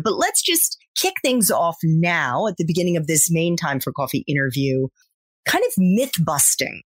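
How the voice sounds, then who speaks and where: A woman's voice: fairly low pitch, no echo, studio quality. An American woman in her forties hosting a podcast interview, chatty and upbeat. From Maryland, United States. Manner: chatty, upbeat, lively intonation. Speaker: podcast host.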